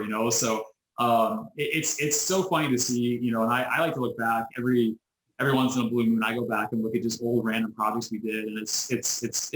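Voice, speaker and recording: A man being interviewed over a video call, telling a story in a lively way, acting out the people he quotes and often restarting his sentences. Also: mid-range voice. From United States. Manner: animated storyteller who acts out quoted voices, frequent restarts. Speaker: interview guest, business owner. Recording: roomy echo.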